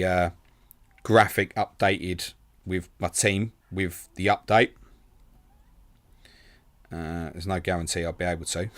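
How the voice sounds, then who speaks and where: A very low-voiced young man runs a live stream, answering chat questions in an easygoing, self-mocking way. The sound is dry and close, with no room around it. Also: fairly bright tone, no echo. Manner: casual and quick, calls viewers mate, self-deprecating. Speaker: fantasy football stream host.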